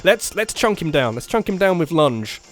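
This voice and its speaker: A man giving casual commentary over his own gameplay, muttering through his plans and then breaking into loud, laughing bursts. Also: a little high, normal speed. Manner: excitable, jumps between muttered strategy and loud bursts, laughs often. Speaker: let's play gamer.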